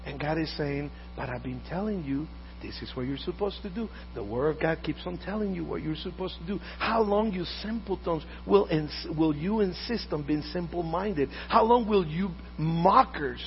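A high-voiced man in his fifties delivers a sermon, rising to loud, emphatic preaching and dropping to quiet asides. The audio is dull and lo-fi, with a faint mains hum underneath. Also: moderate pace. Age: 50s. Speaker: pastor.

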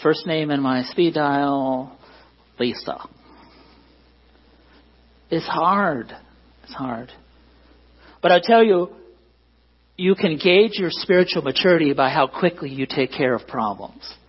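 Pastor guy preaching, kinda breathy voice, muffled lo-fi church recording, keeps asking "right?". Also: a little high, slow, long pauses. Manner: conversational, self-deprecating, asks the congregation for agreement. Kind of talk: sermon.

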